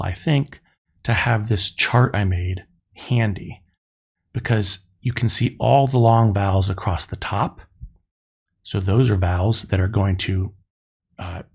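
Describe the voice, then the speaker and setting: Casting note: middle-aged male teacher, low gravelly voice, patient and methodical lecture delivery. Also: a little mellow. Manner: slow, methodical explaining, spelling out sounds. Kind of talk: recorded classroom lecture.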